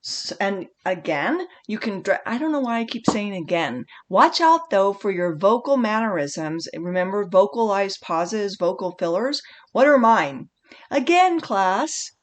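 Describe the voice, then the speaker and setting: A woman speech instructor giving a recorded online lecture, animated and conversational, often correcting herself mid-sentence. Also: medium pitch, a little slow.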